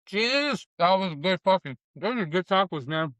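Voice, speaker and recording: Eating tacos on camera at a restaurant, a middle-aged food vlogger and comedian rambles and swears in a casual review while talking through his grief, close to tears, his talk alternating between eating sounds and sad confession. His voice sits high and a bit bright, at normal speed with no echo.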